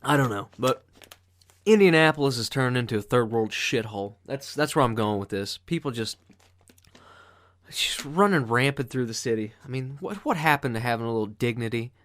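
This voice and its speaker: A man's voice: mid-range voice, animated, normal speed, fairly bright tone. Man on a profane podcast rant. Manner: profane, exasperated ranting. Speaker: podcast host. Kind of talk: casual ranting monologue.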